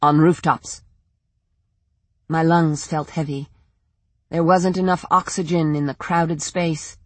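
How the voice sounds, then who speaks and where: Audiobook narrator, first-person story, steady measured read, dry close mic. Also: medium pitch, dry recording.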